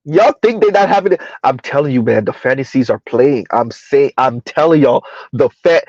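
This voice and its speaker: Speaking in an expressive mid-range voice with a darkish tone, a man vlogs opinionated commentary at a moderate pace. He rambles and leans on rhetorical questions, often throwing in "huh?" for his listeners. The audio is dry, dull and lo-fi.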